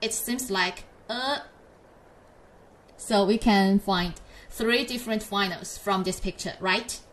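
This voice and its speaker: A woman teaching a pinyin lesson in English, patiently modelling each syllable for learners to repeat. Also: mid-range voice. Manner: slow, patient, drawn-out model syllables for repetition. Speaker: Chinese teacher.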